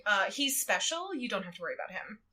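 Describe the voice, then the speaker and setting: A woman guesting on a podcast, recapping a book in casual chat, animated and giggly as she tells it. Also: mid-range voice, quick pace. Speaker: guest co-host.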